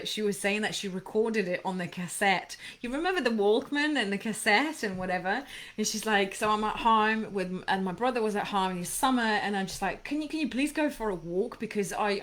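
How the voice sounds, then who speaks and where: A woman's voice: medium pitch, a bit bright. A woman hosting a motivational talk, speaking with passion and rambling through many restarts and asides. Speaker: podcast host.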